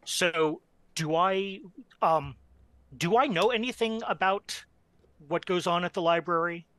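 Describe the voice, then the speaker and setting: A man with a bright, forward voice, pitched a touch high, talking through his character's morning as a tabletop player. The sound is close and dry. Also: measured pace, clear, resonant tone, no echo.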